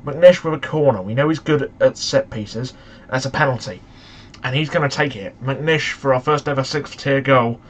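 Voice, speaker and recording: A young man commentating on a football management game, excitable and shouting at the match in frustration. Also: medium pitch, normal speed. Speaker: gaming YouTuber.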